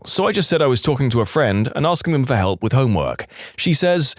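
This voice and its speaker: A man reading internet stories aloud in an expressive, playful storytelling manner. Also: mid-range voice, fairly quick, few pauses, no echo, studio quality. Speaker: story narrator.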